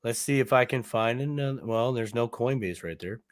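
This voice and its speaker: A man's voice: mid-range voice, normal speed. A man co-hosting a casual livestream chat, rambling and joking as he thinks aloud while browsing a website. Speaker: co-host.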